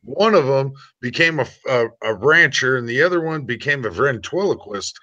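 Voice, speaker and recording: A man co-hosting a casual late-night chat, telling a rambling joke in an animated way. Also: medium pitch, normal speed, no room sound, muffled recording. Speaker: storytelling co-host.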